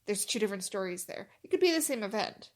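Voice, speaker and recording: A woman's voice: medium pitch, animated, fast. A woman co-hosting a podcast in casual chat, organized and steering the talk with questions. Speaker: podcast co-host.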